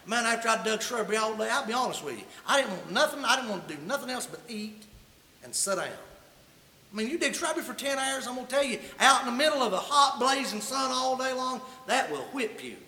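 A man's voice: very high voice, animated, brisk, sharp tone. A man preaching a sermon, telling a humorous personal story in a folksy, colloquial way. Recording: echoey hall reverb.

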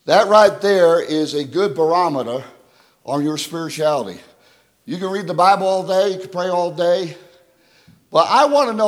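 High-voiced preacher in a reverberant church. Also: male voice, expressive, normal speed. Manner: swings from loud high exhortation to hushed storytelling. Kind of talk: sermon.

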